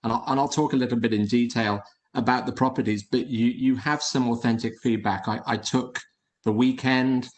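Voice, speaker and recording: A man's voice: mid-range voice, fairly even intonation, normal speed. A man presenting his hotels on a video call, chatty and friendly in tone, often repeating words as he talks. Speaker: hotel group founder presenting. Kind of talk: casual presentation. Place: at home or office in London.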